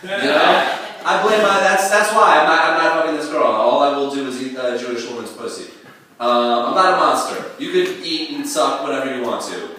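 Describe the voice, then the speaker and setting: A man in his thirties working a comedy club stage with a clear, cutting voice that is a touch high. He rambles crudely and mocks himself, and the sound is very echoey, as if heard from across the room. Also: pushed and bright, far from the mic. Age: 30s. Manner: rambling, crude, self-mocking, with halting fillers. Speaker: stand-up comedian. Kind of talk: stand-up comedy set.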